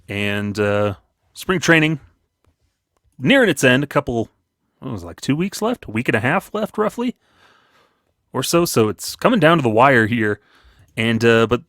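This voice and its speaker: Male podcast host, playful and jokey, animated pitch, dry close-miked sound. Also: no echo. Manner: jokey, laughs often, playful put-on brogue at the start. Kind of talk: casual sports podcast chat.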